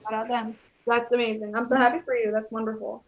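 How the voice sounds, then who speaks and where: A woman with a high voice hosts an interview, warm and encouraging, gushing over her guest. Her audio sounds dull and lo-fi. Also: level tone, quick pace. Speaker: podcast host.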